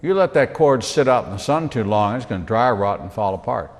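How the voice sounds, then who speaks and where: A rabbi teaching the Bible in sermon style, with animated delivery, repeated phrases for emphasis and humorous asides. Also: male voice, lowish voice, brisk, big-room sound.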